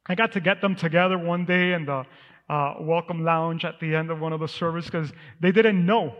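High-voiced pastor preaching in a reverberant hall. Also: male voice, fairly quick. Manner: conversational, storytelling with asides and laughs. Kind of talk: sermon. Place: church sanctuary. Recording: muffled sound with long hall reverb.

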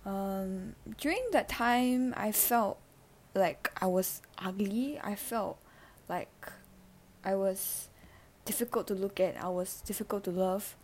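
A teenage girl talks into a handheld mic for her personal podcast. Her pitch sits mid-range, and her speech is halting and emotional, full of ums and restarts. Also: darkish tone. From Singapore. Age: teens. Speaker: podcast host.

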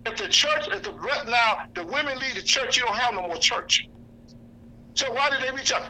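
An activist speaker addresses an indoor lunch gathering in a fiery, preacherly style, his high voice cutting with a very sharp, bright edge. Expressive and at normal speed, he talks bluntly, drives points home by repeating them, and cites scripture chapter and verse. The recording is low quality.

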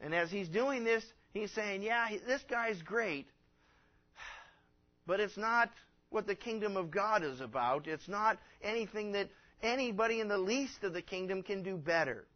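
Guy pastor giving a sermon, kinda high voice, earnest, lots of and-and restarts. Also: lively intonation, normal speed, muffled recording. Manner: earnest, rising to emphatic when quoting scripture; fillers and repeated restarts.

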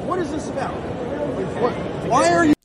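A confrontational man argues in a very high voice. He was recorded outdoors at a crowded gathering. A loud crowd and heavy traffic noise surround him. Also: lively intonation, unhurried. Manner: argumentative, confrontational.

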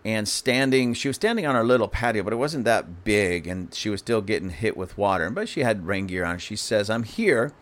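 A middle-aged man, a channel host, telling a personal story in a casual, animated way and chuckling now and then. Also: fairly low pitch, fairly quick, few pauses.

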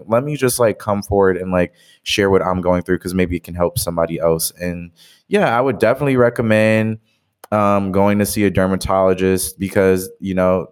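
A young man with a deep, low voice talks in a loose, rambling way, filling his sentences with "like" and "you know." He sounds like a casual podcast co-host sharing a personal story with a friend. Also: darkish tone, clear, resonant tone. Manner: rambling, heavy use of "like". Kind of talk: casual chat.

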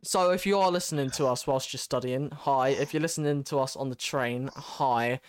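A man's voice: medium pitch, normal speed, clear, resonant tone. A teenage boy from Britain hosting a casual podcast, bantering and laughing often. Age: teens. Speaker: podcast host. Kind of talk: casual chat.

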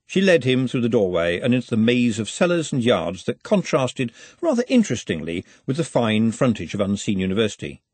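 Brief: male audiobook narrator, husky, lively intonation, dry close sound. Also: mid-range voice, fairly quick, few pauses, no echo. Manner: expressive storytelling. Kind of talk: scripted narration.

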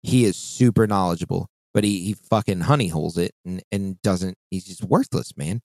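A man's voice: low voice, moderate pace, a little mellow, dry recording. A man chatting casually on a podcast, telling a rambling, profane story as he vents about work. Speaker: podcast co-host.

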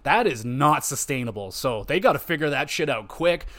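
A man hosts a casual sports podcast, venting his frustration in a loose, rambling way. He swears often, restarts his sentences and leans on fillers. His voice sits a little high for a man. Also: animated, moderate pace, a bit bright. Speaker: podcast host. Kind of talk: casual hockey podcast rant.

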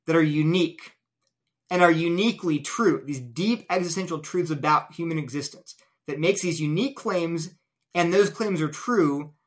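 Male interview guest, fairly high, bright and forceful tone, methodical explainer. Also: husky. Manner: earnest, illustrative, builds points step by step. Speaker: guest apologist.

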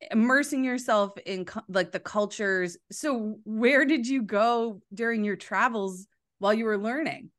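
A woman hosting a casual interview, effusive and animated, gushing often as she chats with her guest. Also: fairly high pitch. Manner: effusive, animated, quick to gush. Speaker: host.

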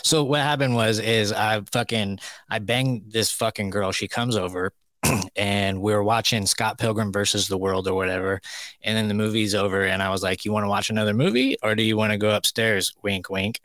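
A man's voice: lowish voice, normal speed, a bit bright, no echo. A man co-hosting a casual chat podcast, telling stories in a blunt, profane way. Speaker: co-host.

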